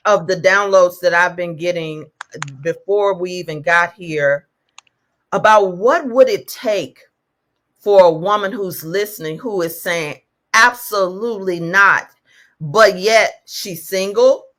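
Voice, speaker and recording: A woman who is a life coach talks as a podcast guest. She sounds emphatic and animated and laughs easily. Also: on the low side, slow pace. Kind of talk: casual podcast conversation.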